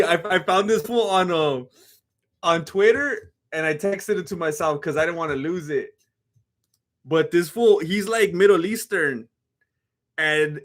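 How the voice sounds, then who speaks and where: A man hosting a live stream, reacting to a fight with excitable, teasing commentary. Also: high voice. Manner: excitable, laughs often, teasing.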